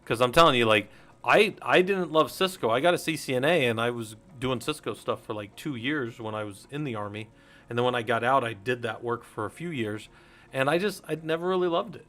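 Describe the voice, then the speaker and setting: A man's voice: medium pitch, expressive, brisk, pushed and bright. A middle-aged man hosting a casual teaching stream, rambling and interrupting himself, laughing at his own jokes. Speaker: host.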